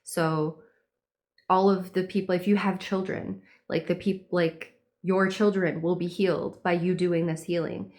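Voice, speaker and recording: A woman's voice: lowish voice, little pitch movement, unhurried, darkish tone. A young woman giving a casual spiritual reading, meandering and dreamy, with lots of fillers. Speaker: tarot and horoscope reader.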